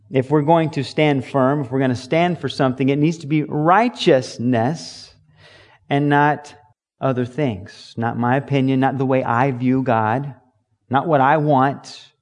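A man's voice: medium pitch, darkish tone. A man preaching a sermon as pastor, emphatic and joking, often acting out other people's voices. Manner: emphatic, jokey, slips into mock voices.

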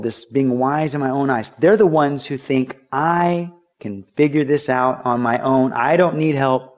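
A middle-aged pastor preaches in an easy, conversational voice with a pitch that is neither high nor low. He slips into the voices of the people in his stories and rises to urgent pleas. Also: a little mellow. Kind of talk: sermon.

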